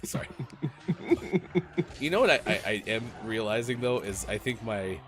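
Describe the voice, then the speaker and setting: A man's voice: on the low side, normal speed, slight background noise. A man co-hosting a gaming morning show, talking casually and energetically to the stream chat while getting over a cold. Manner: chatty, energetic, talks to chat directly. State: recovering from a cold, voice a bit worn.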